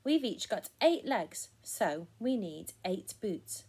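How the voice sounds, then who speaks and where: A woman's voice: medium pitch, very animated, slow pace, darkish tone, husky, exaggerated voice. A woman voicing an eager little girl spider who loves counting, in a sing-song children's storybook reading. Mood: excited.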